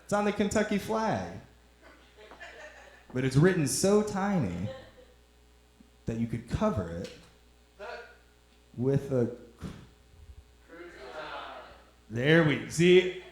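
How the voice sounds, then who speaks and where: A young man doing stand-up in a club, his voice a touch higher than usual. He rambles and teases the crowd in a loose drawl, and the room gives his mic a clear echo. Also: very animated, slow, pauses often. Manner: rambling, teasing the audience, drawling. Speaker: stand-up comedian. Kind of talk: stand-up comedy set. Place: comedy club stage.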